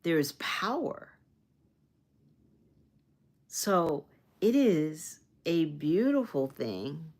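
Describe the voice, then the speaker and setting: A woman's voice: low-pitched, big pitch swings, drawn-out words, pauses often, darkish tone. A woman from Arizona chatting live with her viewers, rambling and earnest, often repeating herself and restarting, with spiritual, uplifting talk about energy and self-love. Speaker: live streamer. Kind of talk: casual livestream chat with viewers.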